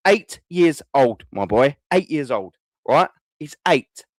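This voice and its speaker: A man's voice: medium pitch, very animated, takes it slowly, no room sound. A man, hosting a fan call-in show and ranting furiously, swearing and repeating himself. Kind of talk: angry fan rant.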